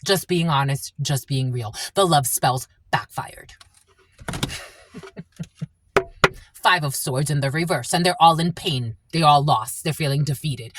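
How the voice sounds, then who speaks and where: A woman's voice: sits low, a little slow, long pauses, noisy background. A woman giving a tarot reading who swears often and repeats herself bluntly. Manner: profane, blunt and repetitive. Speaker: tarot reader. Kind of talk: angry spiritual tarot reading.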